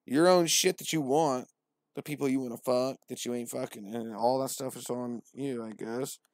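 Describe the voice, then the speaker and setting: A man's voice: mid-range voice, fairly even intonation, moderate pace, no echo. A man retelling scripture as comedy, profane and slangy, with a wry tone and hesitant restarts.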